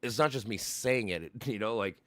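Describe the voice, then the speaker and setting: Low-voiced man, profane animated storyteller. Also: normal speed, crowd noise. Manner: profane, animated, acts out both sides of a debate. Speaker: livestream host. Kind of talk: casual chat, retelling an argument.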